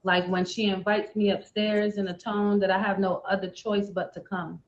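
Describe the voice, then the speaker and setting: A woman's voice: mid-range voice, level tone, normal speed, a little hiss or hum. Rhythmic woman reciting spoken word. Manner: rhythmic, rhyming delivery. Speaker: poet performing on a livestream. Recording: dull lo-fi stream audio.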